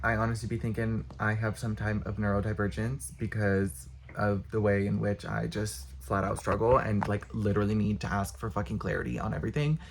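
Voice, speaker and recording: A man's voice: fairly low pitch, fairly even intonation, noisy background. A young man ranting casually to camera, exasperated, blunt and profane. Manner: exasperated, blunt, profane, talks with quick bursts. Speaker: vlogger.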